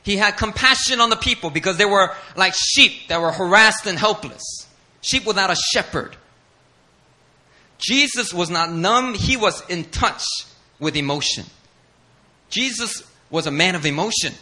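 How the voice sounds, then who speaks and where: A man's voice: high voice, expressive, measured pace, sharp tone. A male pastor preaching a sermon in an emphatic, passionate way, repeating key lines and building intensity.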